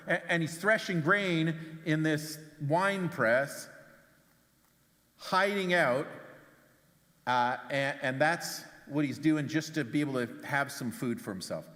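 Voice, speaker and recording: A pastor delivers a sermon in a church, telling the story in a casual, conversational way and briefly acting out the characters' lines. His voice sits a little higher than most men's, and a long reverb from the hall trails after each phrase. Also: pushed and bright. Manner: storytelling, acts out quotes with big pitch jumps; repeats words when starting phrases. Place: church sanctuary.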